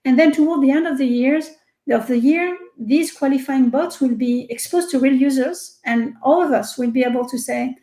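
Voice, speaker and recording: Her voice is high-pitched with a dark tone and a moderate pace, captured in a roomy, low-quality recording. The French-accented research executive chats with animation during a casual interview over a video call, often repeating herself and filling gaps with fillers.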